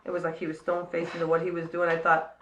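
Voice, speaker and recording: A woman's voice: fairly low pitch, racing, echoey room, slight background noise, poor audio. A woman casually telling a personal story to friends, laughing often and acting out what people said. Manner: animated, laughs often, acts out quotes.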